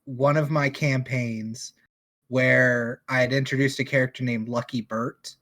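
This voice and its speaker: A man co-hosting a relaxed late-night podcast, cracking dry jokes at an easy pace. His voice has an ordinary mid pitch for a man. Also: a little slow. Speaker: podcast co-host. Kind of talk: casual late-night chat.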